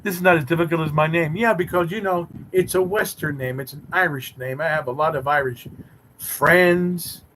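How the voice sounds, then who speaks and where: A man's voice: on the high side, moderate pace, fairly bright tone, slight background noise, low-quality recording. A man hosting a live stream, chatting with viewers in a teasing, mock-romantic way. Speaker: livestream host reading chat. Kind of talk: rambling playful live chat.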